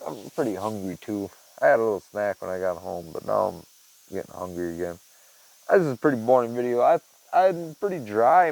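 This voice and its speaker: A man in his garage talking casually to his viewers, rambling and swearing, and cooing at his cat in a high voice. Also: vocal fry, darkish tone, rough recording. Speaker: vlogger. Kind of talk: casual monologue to camera.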